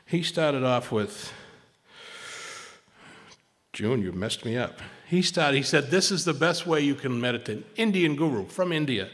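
A man's voice: medium pitch, measured pace. Man telling a recovery story in a hall. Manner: animated storyteller, dropping to a hushed voice for quotes; frequent restarts and repeated words. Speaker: recovery meeting speaker. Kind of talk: personal recovery story told to a meeting. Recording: long hall reverb.

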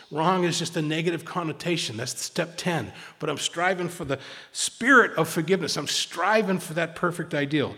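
A man's voice: fairly high pitch, normal speed, sharp tone. Rambling man in a reverberant hall. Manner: rambling, with frequent restarts and stammered repeats. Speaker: recovery meeting speaker. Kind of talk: informal talk at a recovery meeting.

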